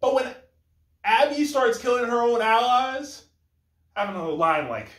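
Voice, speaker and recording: A man's voice: high voice, slow, pauses often, bright, forceful tone, echoey room. A man giving a casual, rambling critique of a video game. He often corrects himself mid-sentence and acts out imagined lines of dialogue. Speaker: gaming commentator.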